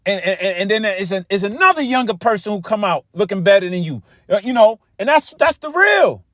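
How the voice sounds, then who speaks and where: High-voiced profane street preacher. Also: male voice, big pitch swings, brisk, fairly bright tone, no room sound, studio quality. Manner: profane, repetitive, conversational. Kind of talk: street-style Bible teaching.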